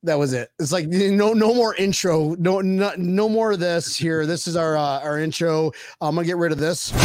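Excitable man with a raised voice. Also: fairly high pitch, unhurried, hardly any pauses, no room sound, faint music behind. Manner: excitable, laughs often, boastful banter. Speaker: host. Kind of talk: casual chat. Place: Miami area.

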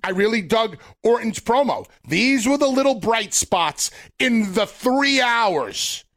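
A man's voice: very high-pitched, lively intonation, slow, a bit bright. A man co-hosting a wrestling podcast, giving blunt, opinionated takes with some swearing in casual chat.

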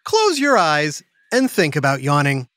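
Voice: mid-range voice, measured pace, no echo. A host of a children's science show, narrating playfully and quizzing the listener with teasing asides and yawns. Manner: animated, teasing quiz-style delivery with yawns and sighs.

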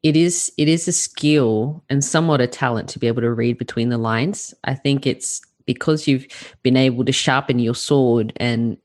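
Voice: mid-range voice, normal speed. A podcast host interviewing a guest, responding in an affirming, thoughtful way. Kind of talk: conversational interview.

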